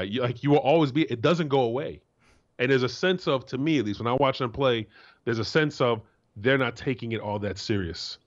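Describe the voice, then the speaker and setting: A man in his forties from Florida, co-hosting a sports talk show as a former player, blunt and profane, jumping into a high voice to act out quotes. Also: dull audio. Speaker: co-host, former NFL player.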